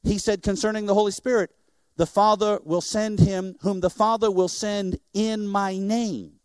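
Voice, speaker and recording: A middle-aged man, a missionary preacher, giving an animated sermon in church and joking with the congregation. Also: high voice, moderate pace, clear, resonant tone, no room sound, studio quality.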